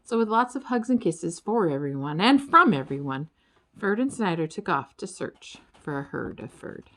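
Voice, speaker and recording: A woman reading a children's storybook aloud as narrator, with expressive, lively storytelling. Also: lowish voice, normal speed. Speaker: audiobook reader.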